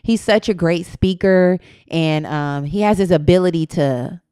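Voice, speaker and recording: A woman's voice: fairly low pitch, unhurried, mellow, clean tone, dry recording, clean studio sound. A woman co-hosting a podcast in casual chat, candid and reflective, swearing freely and often quoting her own thoughts aloud. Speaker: podcast co-host.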